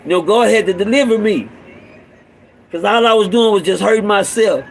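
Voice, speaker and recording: A middle-aged father preaches to other fathers in a fervent, repetitive street-sermon style, shifting between loud urging and a low growl. He speaks at a moderate pace, and the rough recording carries a little hiss or hum.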